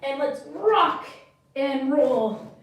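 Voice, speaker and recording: A woman teaching a children's yoga class, giving bright, encouraging instructions while reading a story. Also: high-pitched, expressive, drawn-out words. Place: yoga studio. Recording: echoey room, from far off.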